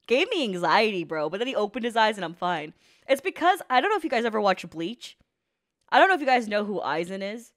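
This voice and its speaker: A woman's voice: medium pitch, fairly bright tone. A woman commenting casually while reacting to an anime, teasing, swearing and laughing often.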